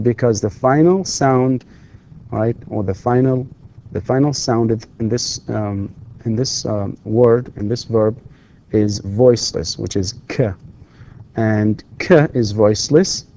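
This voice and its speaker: A middle-aged male lecturer with a warm, mellow voice, a native Arabic speaker teaching English pronunciation. He speaks slowly and deliberately, repeating words to model them and hesitating with fillers and restarts while he explains grammar. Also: on the low side. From Saudi Arabia. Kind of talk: recorded lecture.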